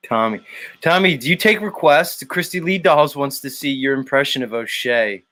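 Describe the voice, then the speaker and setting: Man, livestream host, casual chat, laughs a lot, swears, mid-pitched voice. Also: moderate pace, a bit bright. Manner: laughing often, reading chat aloud, swearing.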